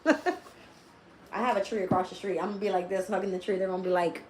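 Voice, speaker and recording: A woman chatting casually on a live stream as a tarot reader, laughing often and swearing freely as she tells animated stories. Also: medium pitch, fast talker, a little hiss or hum.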